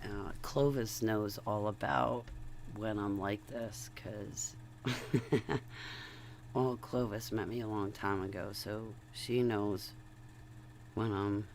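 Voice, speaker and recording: Creaky low-voiced woman rambling slowly. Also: steady tone, darkish tone, slight background noise. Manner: rambling, chatty, digressive, laughs between thoughts. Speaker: vlogger. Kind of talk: casual rambling monologue.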